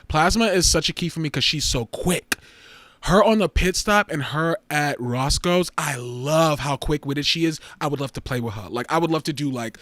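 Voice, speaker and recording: Animated man hosting a casual livestream. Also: no room sound. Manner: animated, swings into loud excited outbursts and drops to low asides. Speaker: livestream host.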